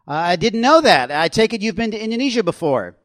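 A man's voice: sits high, big pitch swings, brisk, fairly bright tone, dry recording, studio quality, voice pushed up. A man voicing a mild, awkward American office worker who answers politely and hesitantly. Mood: uneasy. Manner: hesitant, polite, on the back foot.

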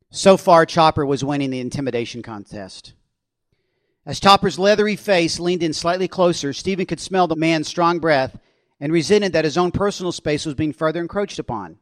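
A man with a fairly high voice reads from his own suspense novel, telling it steadily and expressively. The sound is dry and close-miked, with no room echo. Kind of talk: author reading his novel aloud.

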